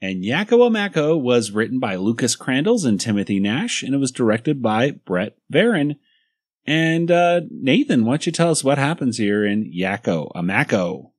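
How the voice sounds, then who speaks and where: A man's voice: medium pitch, big pitch swings, normal speed. A man hosting a fan podcast, chatting casually and laughing often. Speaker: podcast host.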